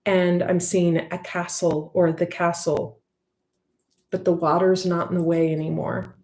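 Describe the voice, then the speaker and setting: A woman's voice: on the low side, level tone, unhurried, darkish tone, reverberant. A woman giving an intuitive tarot reading to her viewers, talking in a heartfelt, rambling way with many fillers. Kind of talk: casual spoken intuitive reading.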